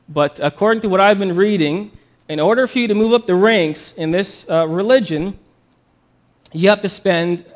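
A man with a high voice preaches a sermon and tells a story as he goes. He talks in a conversational, upbeat way, with casual fillers between phrases.

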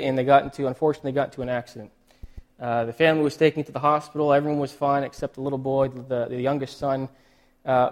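A male pastor giving a sermon, emotional and choked up, halting with many restarts and fillers. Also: on the high side.

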